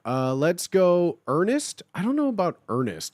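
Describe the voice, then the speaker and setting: A man chatting casually with his livestream viewers, talking in a halting way with lots of filler sounds and restarts. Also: on the high side, animated, darkish tone, no echo, clean studio sound.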